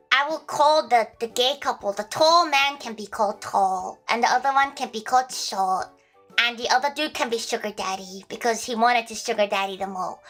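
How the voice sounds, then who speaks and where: Woman streamer, high and bright, casual rambling storyteller with lots of restarts and laughs; faint music bed. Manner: rambling, many restarts, laughs at own jokes.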